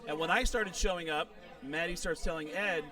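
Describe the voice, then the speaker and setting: A middle-aged man, a comedian, tells a rowdy story as an interview guest. He swears freely and acts out the people in it, with a fairly high voice set a little back from the mic. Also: normal speed, recorded from a distance, crowd noise. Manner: animated, profane, quotes people in their voices.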